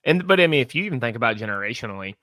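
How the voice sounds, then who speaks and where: A man's voice: medium pitch, very animated, rapid-fire, bright, forceful tone, dry recording. A young man with a Southern American accent, co-hosting a casual podcast and explaining at length with asides. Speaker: podcast co-host.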